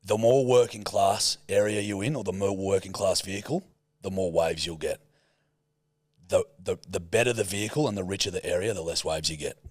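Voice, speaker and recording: This podcast co-host tells a road rage story in relaxed banter, cursing often and retelling it with animation. His deep voice is brisk, captured in studio quality with no echo.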